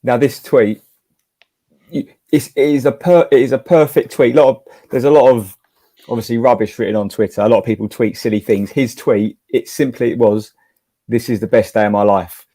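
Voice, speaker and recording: Mellow-voiced enthusiastic male guest. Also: medium pitch, fairly even intonation, normal speed. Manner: enthusiastic, emphatic. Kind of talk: casual live show chat.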